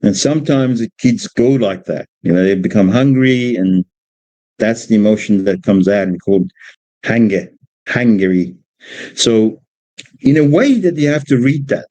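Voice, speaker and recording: A man from Australia, a father, speaking informally about raising children, halting and repeating words as he tells stories about his young son. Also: fairly low pitch, warm tone, no room sound, lo-fi sound. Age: adult parent of a two-year-old. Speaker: speaker giving a religious exposition on parenting. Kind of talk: informal talk with personal stories.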